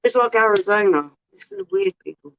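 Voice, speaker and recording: Brief: woman, a little high-pitched, teasing and chatty, muffled lo-fi stream sound. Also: wildly swooping pitch, brisk, creaky, fairly bright tone, a little hiss or hum. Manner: teasing, chatty, talks to viewers. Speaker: livestream co-host. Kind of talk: casual chat.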